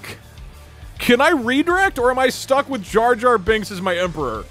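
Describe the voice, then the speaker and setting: A man's voice: very high voice, big pitch swings, moderate pace, fairly bright tone, soft background music. A man live-streaming, chatting casually with his viewers in a sarcastic, exasperated way. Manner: sarcastic, exasperated banter with chat.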